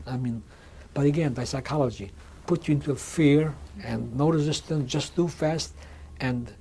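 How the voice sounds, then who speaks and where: An older man in his sixties recounts his past in a recorded interview, his voice mellow and dark-toned at a middling pitch. He speaks haltingly, circling back and restarting phrases. A faint hum sits behind him. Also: vocal fry. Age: 60s. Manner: halting, with frequent restarts and repeated words. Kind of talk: oral history testimony. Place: museum interview room.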